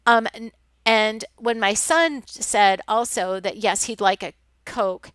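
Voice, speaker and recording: A woman from the Midwest, with a Midwestern accent, teaches a class over slides in a loose, chatty way, with frequent ums and false starts. Her voice is a touch high and smooth, and it sounds close and dry, with no room around it. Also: slow, fairly bright tone, dry recording. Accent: Midwestern American. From American Midwest. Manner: chatty, many ums and restarts. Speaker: college instructor. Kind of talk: recorded lecture over slides.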